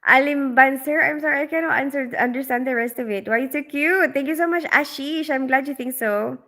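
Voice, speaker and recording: Woman from the Philippines, livestream host, bright voice, fairly high, chatty, laughs a lot. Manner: chatty, quick, laughs often, many fillers. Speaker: livestream host, operating room nurse. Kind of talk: casual livestream chat, reading comments.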